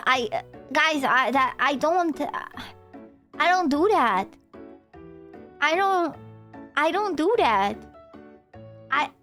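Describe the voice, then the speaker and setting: A woman streamer chatting casually with her viewers, rambling and excitable, laughing often and saying "dude" a lot. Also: high-pitched. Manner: laughs often, trails off into restarts. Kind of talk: casual livestream chat with viewers. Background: faint background music.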